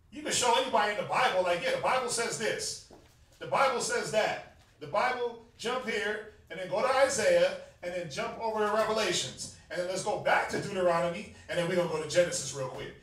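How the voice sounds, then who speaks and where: A Southern US man with a fairly high voice teaches a religious class in a loose, joking, conversational way. He laughs often and drops into slang. He is picked up from across a very echoey room by a distant mic, with faint hiss behind him. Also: fairly bright tone. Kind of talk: casual sermon-style class teaching.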